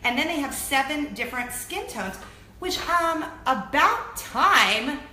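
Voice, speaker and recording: A woman in her thirties hosting a weekly web show, chatting casually to camera in an animated, self-deprecating way. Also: high-pitched, normal speed. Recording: echoey room with faint noise.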